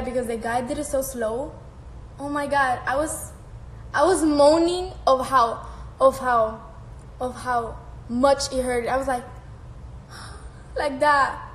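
High, slow-talking young woman livestreaming. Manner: chatty, laughs often, swears casually. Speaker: livestreamer reading fan comments. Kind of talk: casual live-stream chat. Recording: echoey room with faint background noise.

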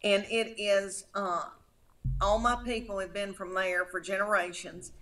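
Bright-voiced woman with a thick Tennessee drawl. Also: mid-range voice, a little slow. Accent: thick rural Middle Tennessee drawl. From Middle Tennessee, USA. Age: 50s. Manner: storytelling, folksy, animated, calls people honey. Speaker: comedian guest. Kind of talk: casual chat.

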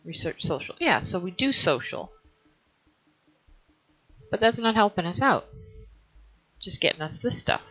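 A woman's voice: medium pitch, sing-song, a little slow, long pauses, a bit bright, slightly rough. A woman hosting a let's play, thinking aloud in a hesitant way and often trailing off mid-sentence. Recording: dull lo-fi recording.

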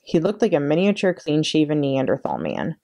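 Low-voiced woman reading a story aloud. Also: brisk, vocal fry. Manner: expressive, storytelling. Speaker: children's librarian. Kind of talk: read-aloud storytime narration.

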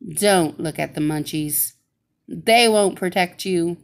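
A woman voicing a kindly good witch who explains things calmly and slowly in a storybook reading. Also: lowish voice, gravelly.

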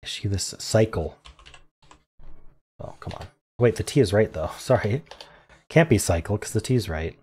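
A man solving a crossword out loud, muttering clues and thinking aloud in an unsure, self-questioning way. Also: fairly low pitch, expressive, normal speed, long pauses, slight background noise. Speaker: puzzle-solving video creator.

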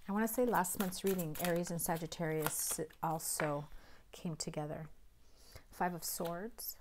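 A hoarse woman recovering from illness, giving a casual tarot reading. She talks in a chatty way, often drops to a breathy half-whisper, and keeps clearing her throat. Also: fairly low pitch, steady tone, unhurried, slight background noise. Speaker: tarot reader.

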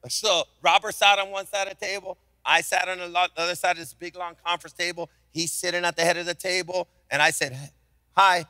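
High, bright-voiced animated pastor. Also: male voice, quick pace, hardly any pauses, clean tone, no echo, clean studio sound. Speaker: senior pastor. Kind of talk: sermon.

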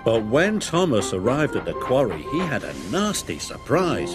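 A man's voice: mid-range voice, moderate pace, hardly any pauses. A man reading a children's storybook aloud as narrator, with music behind. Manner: expressive.

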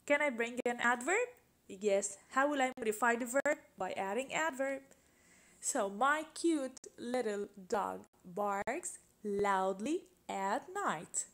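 A woman's voice: on the high side, lively intonation, slow pace, fairly bright tone. A woman teaching an English grammar lesson, patiently asking questions and repeating example sentences.

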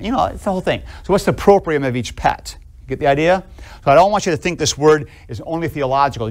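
A man teaching theology in a classroom lecture, animated and conversational, asking students questions and acting out little scenes. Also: mid-range voice. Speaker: theology professor.

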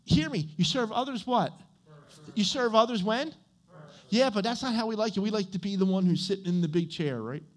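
Animated man preaching a sermon. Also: brisk. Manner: conversational preaching with frequent "okay?" and "right?" checks; animated, with swings in pitch and loudness. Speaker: pastor. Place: church.

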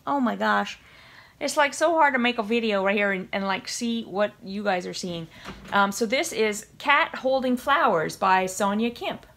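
A woman's voice: mid-range voice, moderate pace, gravelly, a bit bright. A young woman chatting through an unboxing at home, gushing and giggling, cooing and whispering to her cats. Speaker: vlogger unboxing a subscription box. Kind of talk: casual unboxing vlog chatter.

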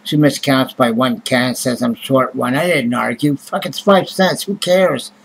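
A man's voice: medium pitch, a little slow, creaky, slightly rough, poor audio. Grumbling, foul-mouthed man. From Canada. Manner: grumbling, profane, blunt complaining. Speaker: vlogger. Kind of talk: casual ranting monologue to camera.

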